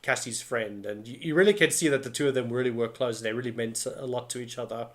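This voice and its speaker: A man's voice: mid-range voice, quick pace. A man co-hosting a podcast, casually retelling film scenes with lots of fillers and little acted-out bits. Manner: rambling, many fillers, acts out scenes. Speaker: podcast co-host.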